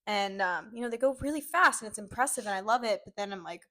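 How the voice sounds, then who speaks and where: A woman's voice: medium pitch, expressive, pushed and bright. Playful young woman co-host. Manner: playful, teasing, with quick reactions. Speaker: podcast co-host. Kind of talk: casual chat.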